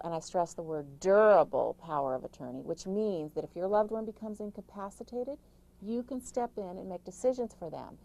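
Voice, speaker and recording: A middle-aged woman, an author, giving emphatic, rapid-fire caregiving advice in an interview, with frequent restarts. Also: mid-range voice, creaky, dark tone, rough recording. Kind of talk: interview answers.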